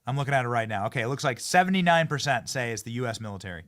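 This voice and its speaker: Excitable man hosting a live show. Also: medium pitch, very fast. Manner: excitable, repeats and restarts phrases, hypes guests. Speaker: political talk show host. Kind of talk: live-streamed casual chat. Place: show studio.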